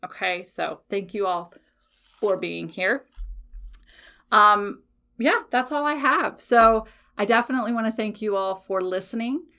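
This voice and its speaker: A woman's voice: mid-range voice, a little slow, pauses often, pushed and bright. Blunt, emphatic woman podcast host. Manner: emphatic and blunt, swears freely, often checks in with "okay?". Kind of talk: casual motivational podcast talk.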